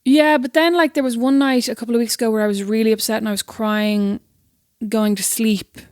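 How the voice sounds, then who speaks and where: A woman's voice: fairly high pitch, fairly even intonation, fairly quick, darkish tone, no room sound, studio quality. A woman co-hosting a podcast in casual chat, full of teasing banter. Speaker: podcast co-host.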